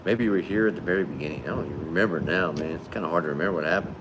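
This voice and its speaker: Low-voiced laid-back man hosting livestream. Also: quick pace, a bit bright, slight background noise. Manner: laid-back, friendly, calls viewers man and brother. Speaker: livestream host. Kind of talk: casual livestream chat reading viewer comments.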